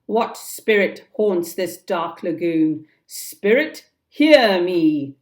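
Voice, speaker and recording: A woman reading a storybook and voicing a furious, blustering adult male pirate captain with loud, slow, emphatic lines. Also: on the low side, animated.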